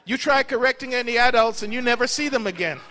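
A man's voice: very high-pitched, fast, bright, forceful tone, big-room sound. A middle-aged man preaching a sermon as pastor, telling folksy stories with casual asides. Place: church sanctuary.

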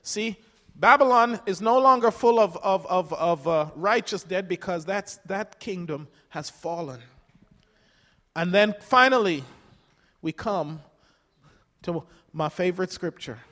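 An older man with a high voice preaches a sermon, emphatic and calling out to his congregation. He swells and drops between loud and soft. His words ring out with a long reverb through a church hall. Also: measured pace. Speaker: pastor.

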